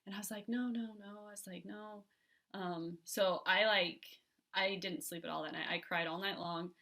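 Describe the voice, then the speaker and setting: A woman speaks in a bright, fairly low voice as she retells a hard relationship story. She talks candidly, hesitates often and restarts her sentences, and fills the gaps with "like" and "um." The delivery is unpolished and personal. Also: fairly even intonation, creaky. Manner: candid, halting, many fillers and restarts. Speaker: podcast guest.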